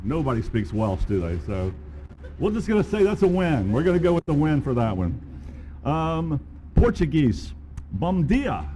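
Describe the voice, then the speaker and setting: In a conference room, a conference organizer with a Southern US Alabama accent gives casual, self-deprecating opening remarks packed with fillers. His voice is on the high side, mellow, and very animated at a moderate pace. The handheld or podium mic cuts out, the recording is low quality, and there's slight background noise.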